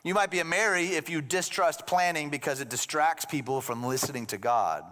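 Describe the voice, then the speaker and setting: A man with a fairly high voice preaches a sermon in a relaxed, conversational way, slipping in wry jokes. His voice rings out with a long reverb from a church hall. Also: fairly quick. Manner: conversational, with joking asides. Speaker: pastor.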